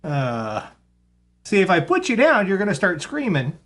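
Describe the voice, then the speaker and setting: A man's voice: sits high, huge pitch swings, a little slow, a bit bright. A man hosting a casual live radio show, rambling and sarcastic, swearing freely as he talks.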